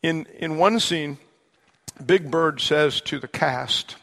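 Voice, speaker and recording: A male pastor delivers a sermon in an earnest way, slowing down on the words he wants to land. His voice is gravelly and sits a little high. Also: sharp tone. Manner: earnest, slows down for emphasis.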